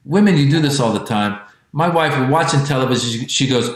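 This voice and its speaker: A man in his forties from Iran doing an animated, profane stand-up routine on a livestream, talking directly to his audience. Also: medium pitch, fast. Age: 40s. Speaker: stand-up comedian. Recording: very echoey space.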